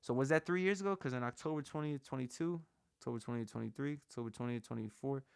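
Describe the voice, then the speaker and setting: Hosting a sports channel livestream, a man speaks to his chat in a hyped, loose and slangy style. His mid-range voice is quick-paced, gravelly yet smooth. An on-camera shotgun mic gives a dry, clean studio sound.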